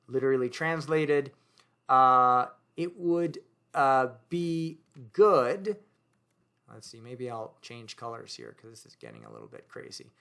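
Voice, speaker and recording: A man's voice: mid-range voice, very animated, measured pace, vocal fry, sharp tone. A man teaching grammar, thinking aloud as he writes and explains, with easy fillers and self-corrections. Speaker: language teacher. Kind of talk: explaining grammar while writing on a board.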